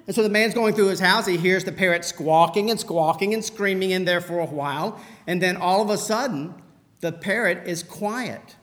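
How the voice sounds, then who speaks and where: High-voiced male pastor, conversational sermon delivery. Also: moderate pace, a bit bright. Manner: storytelling, conversational preaching.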